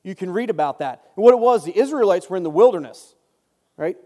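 A man's voice: high-pitched, animated, fast talker, mellow. A man giving a casual Bible study talk, chatty and joking, often breaking off into asides. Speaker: Bible teacher. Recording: long reverb.

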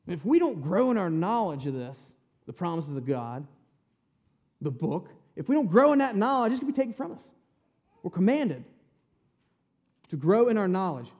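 High, lively-voiced male Bible teacher. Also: normal speed, pauses often. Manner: casual, checks in often with the listeners. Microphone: handheld or stand mic at close range.

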